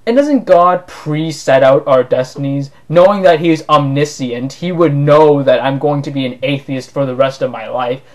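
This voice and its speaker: Sarcastic argumentative man, slightly high voice. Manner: sarcastic, argumentative, rising to indignant outbursts. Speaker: vlogger. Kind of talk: opinion monologue to camera.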